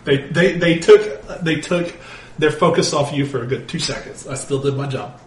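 A man playing a tabletop game, excitable and stammering, quick to laugh. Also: mid-range voice, distant mic. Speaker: player. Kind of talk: casual tabletop play. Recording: echoey room with faint noise.

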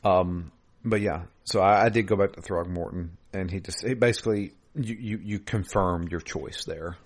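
A man co-hosting a casual gaming podcast over a remote call, relaxed and rambling. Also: low voice, normal speed. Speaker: podcast co-host. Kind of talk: casual chat.

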